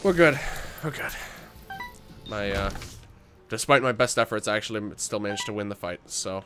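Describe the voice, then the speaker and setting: Sick and tired, a young man livestreams a game and chats casually with viewers, full of fillers and restarts, with an occasional voice crack. His lowish voice stays fairly even at a moderate pace, with music underneath.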